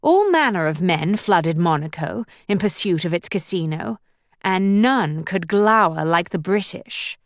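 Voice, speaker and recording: Slow, measured woman narrating an audiobook. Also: medium pitch, no room sound, clean studio sound. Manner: measured, even storytelling. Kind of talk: scripted narration.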